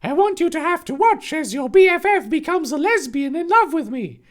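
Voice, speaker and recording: A man voicing a cruel villainous woman in a high, shrill, mocking falsetto. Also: big pitch swings, moderate pace. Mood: gloating.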